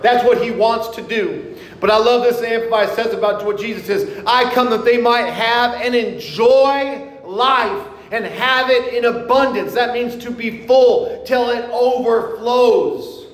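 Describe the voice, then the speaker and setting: A middle-aged male pastor preaching a sermon, earnest, slowing down for scripture quotes. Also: very high-pitched. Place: church sanctuary. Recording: echoey hall, mic in room.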